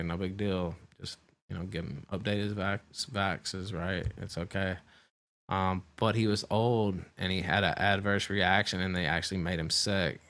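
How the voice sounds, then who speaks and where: A man with a very deep voice talks through a personal story on a livestream. He speaks in a halting, rambling way, often restarting his sentences. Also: fairly bright tone. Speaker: livestream host.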